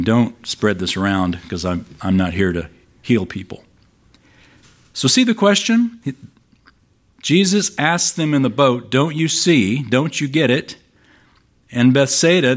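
A man preaching a sermon, explaining scripture in a conversational way and reading passages aloud with emphasis. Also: mid-range voice. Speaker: pastor.

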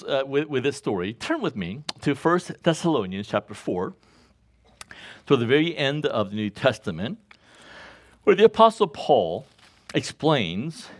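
This man is a pastor delivering a sermon with call-and-response questions, leaving lines for the congregation to complete. Frequent chuckles punctuate his scripture reading, and his voice rises when he grows animated.

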